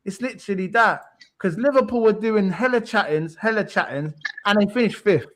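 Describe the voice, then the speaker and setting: A man's voice: high voice, normal speed, a bit bright. A man, a podcast co-host taunting a rival fan in heated football banter, repeating his points.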